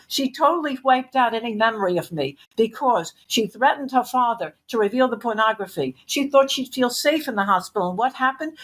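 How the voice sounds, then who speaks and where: A woman's voice: fairly high pitch, fairly bright tone. A woman interview guest giving intense, emphatic testimony, repeating phrases for weight.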